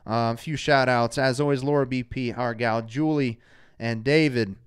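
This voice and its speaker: A man hosting a live fan talk show from a studio, energetic and reading out viewers' names. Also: medium pitch, moderate pace, clean tone. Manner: energetic, shouts out viewers by name. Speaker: show host. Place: studio under hot lights.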